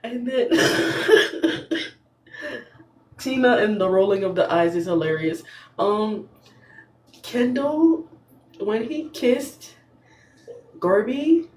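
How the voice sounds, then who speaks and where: A woman's voice: medium pitch, very slow, pauses often, a little hiss or hum. Sassy laughing woman in an echoey room. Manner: animated, sassy, laughing often. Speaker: podcast host. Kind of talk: casual recap commentary.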